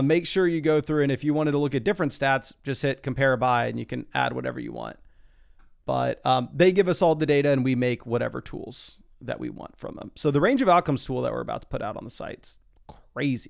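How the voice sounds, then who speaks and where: A man's voice: mid-range voice, fairly quick, vocal fry. A young man streaming live from his desk, chatting casually through a fantasy football draft and reading out viewer comments. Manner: chatty, reads chat comments aloud. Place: home desk.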